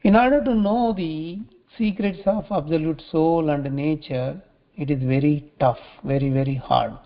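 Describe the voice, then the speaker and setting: A man teaching scripture in a religious talk, halting often and repeating phrases as he restarts. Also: fairly high pitch. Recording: dull lo-fi recording.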